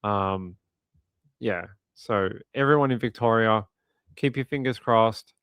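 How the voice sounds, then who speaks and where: An Australian man hosts a live stream and reads viewer comments aloud in a loose, easygoing way. He often repeats words and laughs softly between thoughts. His voice is clean and resonant, with a dry, close sound and little room echo. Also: on the low side, slow, smooth. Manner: relaxed, repeats himself, chuckles often. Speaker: livestream host. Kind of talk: casual live chat reading viewer comments.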